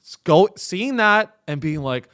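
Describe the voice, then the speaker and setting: A young male comedian holds forth in a sarcastic podcast monologue, mocking and exasperated by turns. His voice sits a little high and rings bright and forceful. The pitch leaps around with lively, animated swings. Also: measured pace, clean tone.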